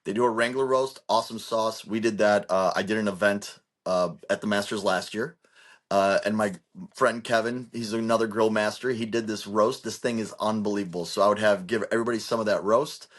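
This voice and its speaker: Male podcast co-host, low-pitched, loose rambling chat full of fillers. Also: steady tone, brisk. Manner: rambling, restarts often, heavy use of "like".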